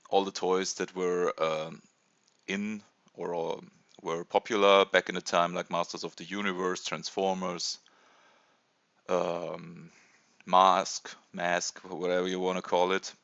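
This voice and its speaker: A man in his thirties from Germany with a German accent, hesitantly presenting a casual toy review with many pauses and fillers. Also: low-pitched, little pitch movement, creaky, a bit bright, no echo, highs cut off. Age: 30s. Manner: hesitant, many ums and uhs.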